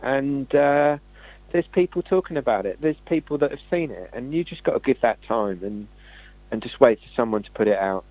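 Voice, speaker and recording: A man's voice: medium pitch, normal speed, a little mellow, poor audio. A man talking casually and rambling through stories, acting out what people said. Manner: rambling, tells stories with acted-out quotes. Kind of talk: casual conversation.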